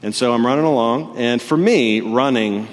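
Young male pastor, animated storyteller, mid pitch, long hall reverb. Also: moderate pace. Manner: animated storytelling, gets loud and high when excited. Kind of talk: sermon.

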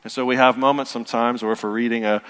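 A man's voice: mid-range voice, fairly even intonation, quick pace, a bit bright, clear, resonant tone. A man in his thirties, a pastor preaching a sermon in a conversational, storytelling way that builds to earnest emphasis. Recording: long hall reverb.

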